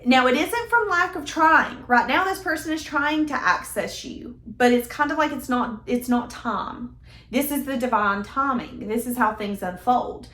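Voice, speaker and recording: A woman's voice: sits high, lively intonation, moderate pace, few pauses, bright, forceful tone, slight background noise. Chatty woman in an echoey room. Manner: chatty, emphatic, conversational. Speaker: tarot reader. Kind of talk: casual tarot reading.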